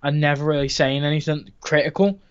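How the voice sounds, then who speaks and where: Co-host, male, high pitch, storyteller who says "bro", muffled lo-fi line. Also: little pitch movement, brisk, clear, resonant tone. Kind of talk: casual live-stream chat. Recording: dull lo-fi call audio.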